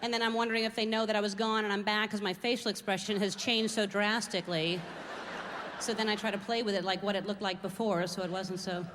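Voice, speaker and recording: On a big theater stage in front of a live audience, a middle-aged woman tells rambling, self-mocking, observational stories about everyday life. Her medium-pitched voice has fairly even intonation and a quick pace, and the echoing hall picks up crowd and background noise.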